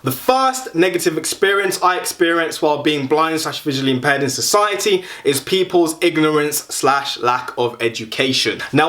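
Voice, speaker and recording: Chatty young man, slightly high voice. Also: a bit bright. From London. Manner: chatty, wry, self-mocking. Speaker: YouTuber. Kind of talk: casual vlog talk.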